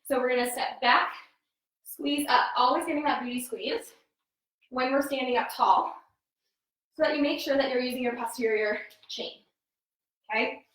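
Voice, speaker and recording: An upbeat woman fitness coach talks through her exercises at home, calling out form cues while she works out. She sounds a bit winded and sits somewhat away from the mic. Her voice is a touch high and rings in a very echoey room. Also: normal speed, pauses often, fairly bright tone, distant mic. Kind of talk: live workout instruction.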